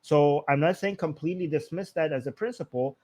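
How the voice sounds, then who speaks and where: Man co-host, fairly high voice, argumentative and thinking aloud on a live stream. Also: brisk, darkish tone. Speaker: political commentary co-host. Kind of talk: casual live-stream discussion.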